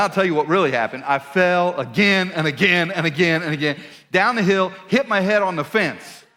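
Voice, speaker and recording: A man preaching in a large church hall, with long reverb trailing his words. His voice sits fairly high and bright, swinging widely in pitch as he spins a playful, self-mocking story for his congregation. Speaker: pastor. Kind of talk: storytelling sermon. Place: church auditorium.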